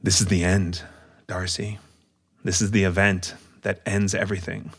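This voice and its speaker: A man voicing a huge male minotaur hunter who is awkward with people, speaking in a halting, earnest way. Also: sits low, flat delivery, a bit bright, husky, dry recording, studio quality, full character voice. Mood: solemn.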